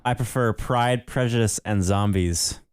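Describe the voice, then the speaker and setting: Smooth low-voiced young man. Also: unhurried, no echo, studio quality. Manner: laid-back, joking, reads listener letters aloud. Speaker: podcast co-host. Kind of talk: casual podcast chat.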